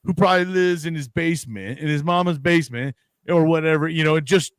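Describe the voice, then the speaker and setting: A man's voice: a little high, fast, clear, resonant tone, dry recording. A man co-hosting a casual podcast chat, talking in long rambling runs, swearing freely and acting out his own reactions. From United States. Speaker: podcast co-host.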